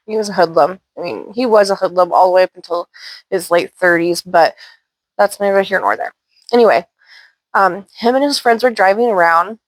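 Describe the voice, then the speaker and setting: A woman's voice: medium pitch, no echo. A woman from Washington State, hosting her channel and casually telling paranormal stories with loose, chatty asides. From Washington State, USA. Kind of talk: casual storytelling.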